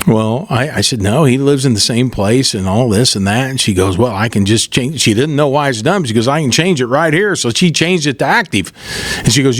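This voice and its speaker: A man's voice: mid-range voice, a little fast. A middle-aged man, hosting a podcast and telling a rambling, folksy story, raising his voice when he retells what people said. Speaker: podcast host. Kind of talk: casual storytelling monologue.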